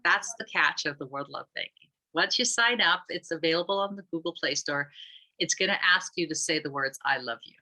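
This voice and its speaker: Low-pitched woman explaining her app. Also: a little fast, sharp tone, poor audio. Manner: rambling, many restarts and fillers. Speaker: app founder, guest. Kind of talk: conversational explanation.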